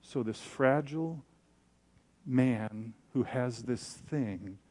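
A man's voice: mid-range voice, slow pace, a little mellow. A man preaching, telling a personal story in a candid, self-deprecating way and acting out the voices he quotes. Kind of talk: sermon storytelling.

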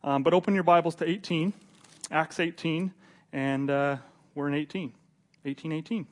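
Chatty male Bible teacher, slightly high. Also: normal speed, long pauses. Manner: chatty and joking, repeats words, acts out scenes. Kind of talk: casual Bible study teaching.

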